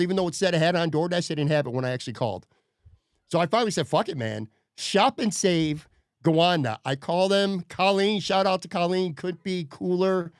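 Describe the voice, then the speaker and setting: The podcast host, his voice leaning high, tells a story in a profane, agitated rant. The recording is dry and studio quality.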